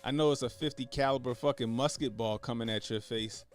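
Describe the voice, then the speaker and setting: Guy on a livestream, swearing a lot and laughing, answers chat, some quiet music behind him. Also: mid-range voice, brisk. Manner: animated, profane, laughing, reading chat aloud. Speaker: livestream host.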